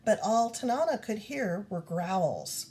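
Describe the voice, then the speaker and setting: A woman reading a children's storybook aloud in an expressive storytelling manner. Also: medium pitch, takes it slowly. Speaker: reader.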